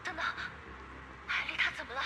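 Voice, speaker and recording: A woman's voice: high voice, brisk, very noisy, natural voice. A woman voicing a caring young scientist mother. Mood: alarmed. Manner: warm with her child, worried and flustered in alarm. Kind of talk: dubbed game cutscene acting.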